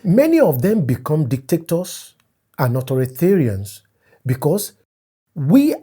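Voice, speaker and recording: A man's voice: fairly high pitch, huge pitch swings, measured pace, warm tone, husky. A man from Africa giving an emphatic opinion vlog, repeating his key points and stressing words as he goes. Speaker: commentator.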